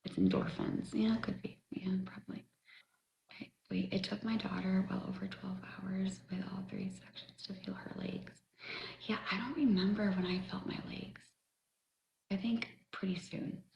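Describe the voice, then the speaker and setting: Gravelly-voiced woman telling a story, slipping into whispers. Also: medium pitch, steady tone, moderate pace, darkish tone, highs cut off. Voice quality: gravelly fry, often drops to a breathy near-whisper. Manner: chatty, rambling, swears freely. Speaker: livestreamer. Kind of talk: casual storytelling to viewers. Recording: echoey room with faint noise.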